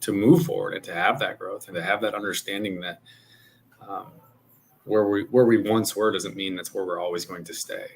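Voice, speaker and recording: Low-voiced earnest man, faint noise. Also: steady tone, moderate pace. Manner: earnest, encouraging, restarts phrases. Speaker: podcast co-host. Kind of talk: casual chat.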